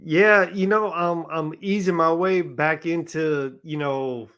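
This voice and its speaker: A man appearing as a podcast guest, telling his story in a relaxed, conversational way and acting out what others said. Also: a little high, slow pace, clean tone. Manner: relaxed, conversational, acts out quoted dialogue. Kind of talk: casual storytelling.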